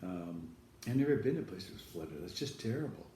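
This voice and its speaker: A man's voice: low voice, animated, brisk, dark tone, a little hiss or hum. A man hosting a studio show, telling a rambling personal anecdote to camera and correcting himself as he goes. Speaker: host telling a personal story. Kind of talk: casual storytelling to camera. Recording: echoey room, far from the mic.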